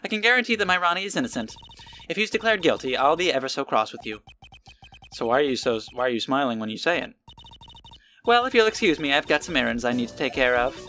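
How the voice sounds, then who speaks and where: A man's voice: mid-range voice, expressive, quick pace, bright, forceful tone, faint music behind. A man voicing a sweet, doting woman in a game let's play with a cooing, sugary delivery.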